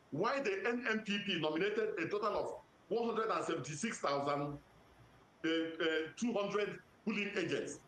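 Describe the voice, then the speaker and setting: Nigerian-accented man, official, measured formal delivery, fairly high voice, roomy echo. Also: a bit bright. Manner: measured, methodical, cites legal sections. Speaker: electoral commission official. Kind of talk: formal answers to press questions.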